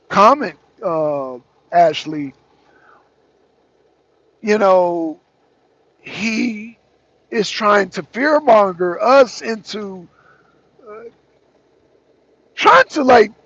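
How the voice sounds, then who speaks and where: A man's voice: sits high, very slow, long pauses, fairly bright tone, no room sound, muffled recording. A man co-hosting a talk show, giving heated political commentary in an emphatic, repetitive way with mocking asides. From United States.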